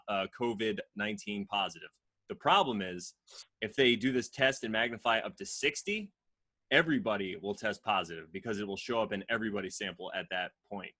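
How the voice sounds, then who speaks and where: Bright-voiced rambling podcast man. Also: fairly low pitch. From Connecticut, USA. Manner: rambling, self-mocking explanations. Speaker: podcast co-host. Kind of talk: casual podcast banter.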